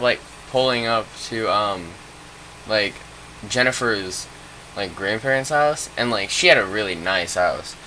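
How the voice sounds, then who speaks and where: A man's voice: lowish voice, lively intonation, unhurried, pushed and bright, slight background noise. A young man telling a rambling, profane story in a casual storytime vlog, full of fillers.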